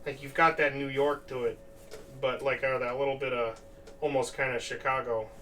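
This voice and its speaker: A man's voice: medium pitch, steady tone, normal speed, pushed and bright. A man streaming as he crafts, thinking aloud in a casual, rambling way with lots of filler words. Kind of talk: casual live-stream chat while crafting. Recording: distant mic with faint background noise.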